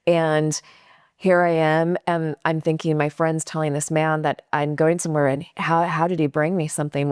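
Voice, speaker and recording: Animated woman telling a personal story. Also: sits low, no room sound, clean studio sound. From California. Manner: animated, acts out quotes with laughs. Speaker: guest storyteller.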